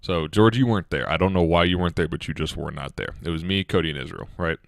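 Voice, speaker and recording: Deep fast-talking man. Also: vocal fry, no echo, studio quality. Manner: animated, laughing storyteller. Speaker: podcast co-host. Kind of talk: casual chat, storytelling.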